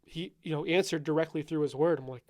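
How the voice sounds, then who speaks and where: A man with a fairly high voice hosts a casual podcast interview. He talks in a loose, conversational way and laughs and chimes in often. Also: fast talker, a little mellow. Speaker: podcast host.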